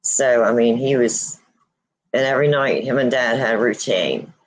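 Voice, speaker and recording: A woman hosting a casual livestream, grieving and near tears, speaking haltingly with many pauses and restarts. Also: a bass voice, low-quality recording. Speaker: host of a paranormal channel.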